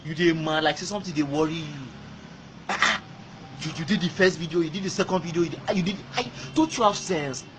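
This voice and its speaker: A man's voice: a little high, fast, noisy background. Angry Nigerian man ranting. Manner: angry, insulting, repetitive, switching between Pidgin and English. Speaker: fan. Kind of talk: ranting video message.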